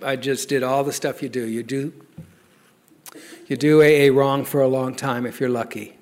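A man's voice: medium pitch, fairly even intonation, normal speed, a little mellow. A middle-aged man telling a wry personal recovery story, self-mocking and often laughing as he speaks. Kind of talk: personal testimony talk.

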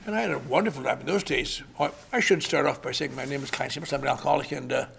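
A man's voice: medium pitch, very fast, vocal fry, fairly bright tone, a little hiss or hum. An older man sharing his recovery story with dry, wry humor at a convention. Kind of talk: recovery meeting talk. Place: convention hall.

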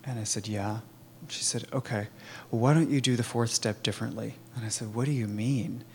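A man telling his own recovery story in a candid, halting way, with many fillers and restarts. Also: mid-range voice, steady tone, a little mellow, slight background noise. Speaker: recovery program member sharing his story. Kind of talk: personal testimony, conversational.

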